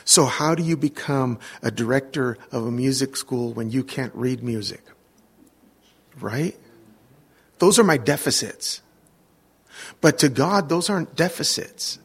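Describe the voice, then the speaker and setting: Gravelly, husky-voiced male preacher. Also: medium pitch, animated, a little slow, pauses often. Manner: casual, asks the congregation for responses. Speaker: worship leader and preacher. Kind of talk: conversational sermon with storytelling.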